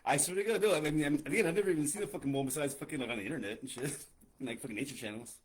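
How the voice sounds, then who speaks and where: A man co-hosting a podcast in casual, profane banter, animated and quick to laugh, with a husky voice. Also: a little high. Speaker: podcast co-host.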